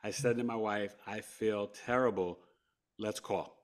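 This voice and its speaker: A man's voice: lowish voice, fairly even intonation, a little slow. A man in his fifties from New York, a podcast guest telling a personal story in a casual, conversational way, full of "right?" and "you know" asides. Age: 50s.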